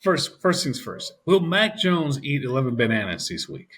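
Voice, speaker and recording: A man's voice: on the high side, sing-song, normal speed, fairly bright tone. A man co-hosting a casual sports podcast, ranting and swearing as he makes his picks. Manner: profane, ranting. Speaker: podcast co-host.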